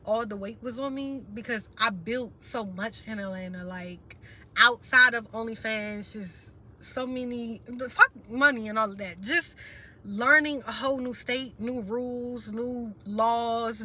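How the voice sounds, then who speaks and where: A woman's voice: on the high side, bright, forceful tone. A young woman from Washington, D.C., an interview guest telling a personal story in a frank, slangy and emotional way, her voice welling up at times. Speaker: interview guest, rapper and content creator.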